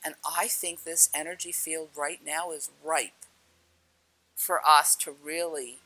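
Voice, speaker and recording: Animated woman storyteller, bright voice. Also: low-pitched, a little slow, poor audio. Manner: laughs often, acts out quoted lines with big swings. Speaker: speaker sharing spiritual experiences.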